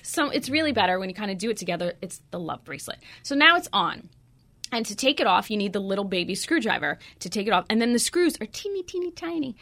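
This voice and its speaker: Chatty bright-voiced woman radio host. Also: mid-range voice, big pitch swings, quick pace. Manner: chatty, anecdotal, frequent fillers. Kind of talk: casual chat.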